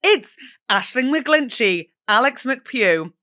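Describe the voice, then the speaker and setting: A woman's voice: fairly high pitch, expressive, takes it slowly, bright, forceful tone. A woman hosting a podcast in casual chat, swearing freely and laughing at herself. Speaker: podcast host.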